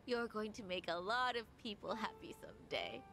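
An actress voicing a gentle, affectionate woman in video game dialogue, soft-spoken and tender. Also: mid-range voice, big pitch swings, moderate pace, vocal fry, noisy background.

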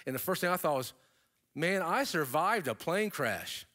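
A middle-aged man tells his story from a keynote stage in a voice pitched a touch high for a man. He is an animated storyteller whose pitch leaps up for emphasis, and he drops in casual asides to the audience. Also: normal speed. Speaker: keynote speaker.

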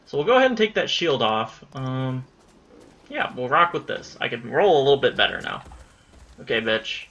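A man giving casual let's-play commentary during a boss fight, excitable, swearing and yelling at enemies. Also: medium pitch, moderate pace, lo-fi sound. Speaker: gamer playing through a boss fight.

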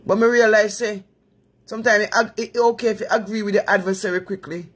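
A woman's voice: medium pitch, steady tone, quick pace, husky. A Jamaican woman hosting a live stream, giving earnest moral advice in patois-laced talk. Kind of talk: preachy live chat.

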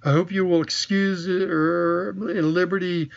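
A man's voice: sits high, fairly even intonation, measured pace, creaky, dull audio. Stammering, fawning old male magician, read by a man in a storybook.

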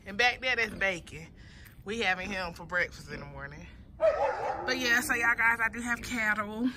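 A woman's voice: mid-range voice, animated, normal speed, bright, forceful tone. A woman with a Southern US accent, chatting casually to viewers on a phone camera while walking around her farm. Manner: chatty, addresses viewers as y'all. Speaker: vlogger. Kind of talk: casual vlog walkthrough. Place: outdoors on a farm. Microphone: phone camera held by the speaker. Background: farm animals and outdoor noise.

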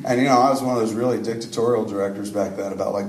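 A low-voiced man tells a rambling, profanity-laced, self-deprecating story to a live audience. He is picked up from a distance, and his voice echoes around the room. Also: fairly even intonation, quick pace, creaky, few pauses, darkish tone. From suburban New Jersey. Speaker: filmmaker answering audience questions.

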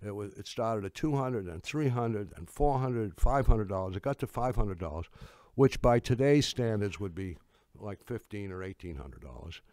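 An older man with a lowish voice tells a story from the stage, halting and restarting as he goes. His humor is dry, and the sound is close and dead, with no room around it. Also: animated, darkish tone, dry recording. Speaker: speaker giving a talk. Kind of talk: anecdotal storytelling talk.

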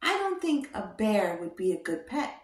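A woman teaching toddlers, speaking slowly in a sing-song, coaxing way and asking them gentle questions. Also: medium pitch, very animated, recorded from a distance. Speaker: children's educator. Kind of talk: toddler lesson with sign language. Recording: roomy echo.

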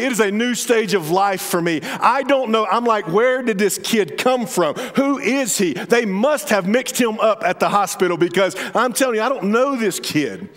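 A man, preaching a humorous storytelling sermon in church. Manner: storytelling, humorous, drops to a soft low voice for emphasis. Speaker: pastor. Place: church sanctuary. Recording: reverberant church hall.

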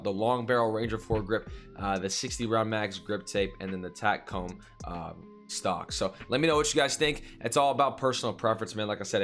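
A man's voice: on the low side, a bit bright. A young man hosting a gaming stream, giving casual, slangy, hyped commentary straight to his chat. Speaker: gaming streamer and video host.

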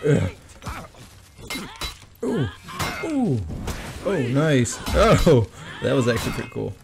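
A man talks over his own gameplay, swearing freely and yelping or groaning as things go wrong or right. His voice is gravelly, with pitch swinging widely and an unhurried pace. A faint hiss of noise sits behind him. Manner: swearing, excitable yelps and groans. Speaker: gamer commenting on his own play. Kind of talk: casual gameplay commentary.

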